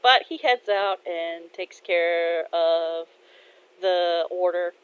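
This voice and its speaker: Slow, hesitant woman telling a fan story. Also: lowish voice, clear, resonant tone. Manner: hesitant, many fillers and quoted asides. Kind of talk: casual spoken fan fiction. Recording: dull lo-fi recording.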